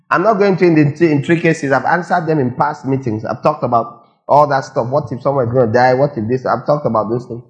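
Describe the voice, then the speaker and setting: A man's voice: medium pitch, fairly quick. A man preaching a sermon, firing rhetorical questions and repeating lines for emphasis. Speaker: pastor.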